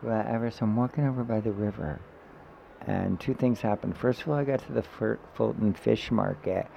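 A man telling an emotional personal story in a podcast chat, animated and swearing freely. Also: fairly low pitch, fairly quick, vocal fry. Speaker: guest. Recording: dull, slightly noisy podcast audio.

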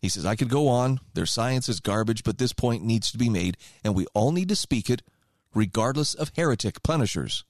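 A male radio talk show host delivers opinion commentary with a lively, rising-and-falling voice of middling pitch. He talks in a conversational, emphatic way and often reads passages aloud. The sound is close and dry. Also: moderate pace, dry recording.

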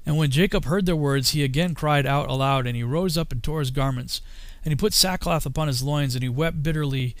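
Man, scripture reader, solemn, archaic phrasing, slightly high voice, dry close mic. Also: fairly quick, no echo. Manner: solemn, archaic phrasing with occasional slips and self-corrections. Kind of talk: scripture reading.

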